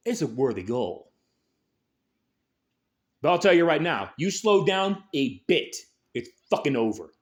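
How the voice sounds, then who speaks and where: A man hosting a show, delivering an angry, aggressive political rant full of swearing. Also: mid-range voice. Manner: angry, aggressive, heavy swearing, shouted peaks. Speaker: host.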